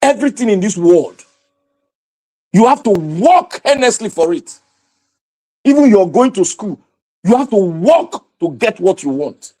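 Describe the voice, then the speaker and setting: A man's voice: sits high, big pitch swings, a little slow, long pauses, mellow. A Nigerian man hosting impassioned political commentary, preaching and exhorting his viewers with a fiery, repetitive delivery.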